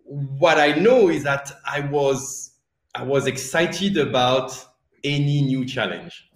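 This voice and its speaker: A man's voice: medium pitch, animated, slow. A man with a French accent, a guest in an interview chatting casually, laughing often and restarting his sentences. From France. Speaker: guest, animation director. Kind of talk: casual conversation. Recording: roomy echo.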